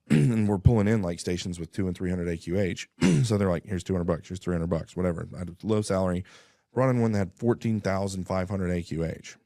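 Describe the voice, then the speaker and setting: A man's voice: deep voice, brisk, dark tone, dry recording, studio quality. A man, a radio guest, telling a story in casual talk and acting out both sides of phone calls.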